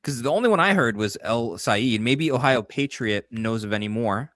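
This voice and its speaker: A man's voice: medium pitch, lively intonation, moderate pace, a bit bright, no room sound. A man co-hosting a live call-in political stream, talking casually, laughing often and arguing his points. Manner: chatty, laughs often, argumentative. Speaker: co-host of a call-in political show.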